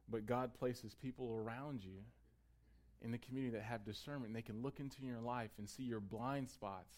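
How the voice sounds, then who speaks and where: A man preaching a sermon in a conversational way. He builds to emphatic peaks and then drops to a quiet, close tone. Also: medium pitch. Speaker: pastor.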